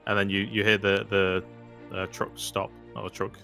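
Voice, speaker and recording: A man acting as game master, narrating a tabletop game in a relaxed, hesitant way. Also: lowish voice, moderate pace, vocal fry, faint music behind. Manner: relaxed, hesitant, many ums and restarts.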